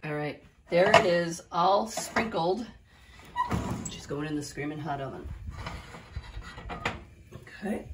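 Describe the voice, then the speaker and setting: Low-voiced woman chatting through a home recipe. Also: lively intonation, takes it slowly, long pauses, heavy background noise. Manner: chatty, step-by-step, addresses viewers directly. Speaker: home cooking video host. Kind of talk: casual cooking demonstration. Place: home kitchen.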